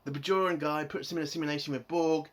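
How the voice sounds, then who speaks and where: A man's voice: fairly high pitch, fairly even intonation, fast. A man giving an exasperated, sarcastic and heavily sweary rant while reviewing a TV episode. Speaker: TV show reviewer.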